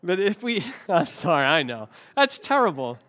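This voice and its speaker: A man's voice: fairly high pitch, big pitch swings, normal speed, fairly bright tone. A male pastor with a cold, preaching a sermon with rhetorical questions and self-deprecating jokes. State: has a cold.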